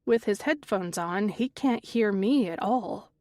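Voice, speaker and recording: A woman's voice: mid-range voice, unhurried, darkish tone, no echo. Woman narrating a thriller audiobook, dry. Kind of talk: first-person thriller narration.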